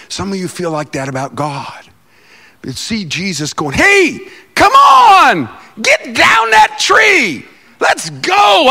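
A male pastor preaching a sermon in a church, joking with the congregation and breaking into loud, animated outbursts. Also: mid-range voice. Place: church sanctuary.

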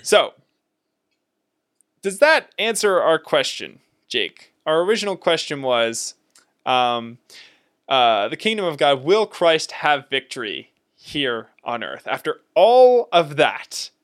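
A man co-hosting a casual theological discussion podcast, talking in an emphatic, animated way and laughing often. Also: a little high, takes it slowly. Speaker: podcast co-host.

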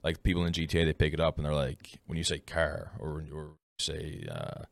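A man's voice: extremely low pitch, steady tone, a little fast, gravelly, no echo. A man from Newfoundland, Canada, with a Newfoundland accent, chatting as a podcast guest in a rambling way with many fillers and restarts. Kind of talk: casual podcast chat.

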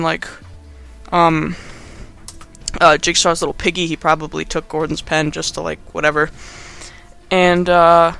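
A man's voice: high-pitched, bright, forceful tone, clean tone. A man hosting a podcast, recapping a movie in casual, sarcastic chat full of fillers and asides. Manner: rambling and sarcastic, heavy on fillers. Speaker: podcast host.

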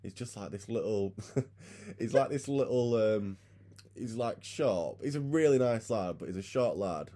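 A man's voice: lowish voice, lively intonation, unhurried, dark tone. A young man, chatting casually as a podcast co-host and telling sweary, laughing stories. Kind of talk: casual chat.

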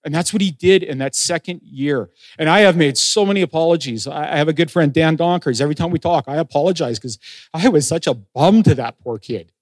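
A middle-aged pastor preaches his own story with a fairly high voice. He brings in conversations in lively voices and pokes fun at himself. The sound is close and dry. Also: a little fast, no echo. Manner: animated storyteller, acts out conversations, self-deprecating. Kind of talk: sermon testimony.

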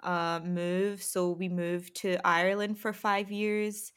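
A woman hosting a casual interview, asking relaxed, friendly questions and laughing lightly. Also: on the low side, takes it slowly, smooth. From Scotland. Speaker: host.

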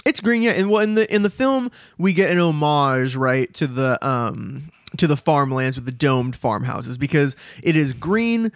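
Playful male co-host, slightly high-pitched, very animated delivery. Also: unhurried, few pauses, no room sound, studio quality. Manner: playful, jokey, laughs often. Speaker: podcast co-host. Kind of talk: casual chat.

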